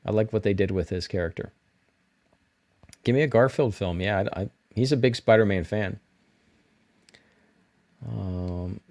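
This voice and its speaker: A man's voice: fairly low pitch, darkish tone. A middle-aged man hosting a live stream, rambling casually and answering viewers' chat comments.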